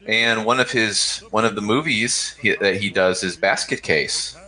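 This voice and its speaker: A man's voice: on the low side, a little slow, sharp tone, poor audio. A man co-hosting a horror film podcast, chatting casually and eagerly sharing trivia. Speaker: podcast co-host. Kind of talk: casual movie review chat.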